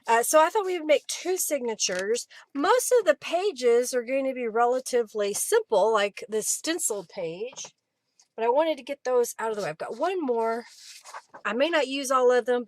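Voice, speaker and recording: A slightly high-voiced woman talks through her crafting on a live stream. She is chatty and thinks aloud as she works, casual and unscripted. She is in a craft room at home, with a faint hiss and clicks behind her.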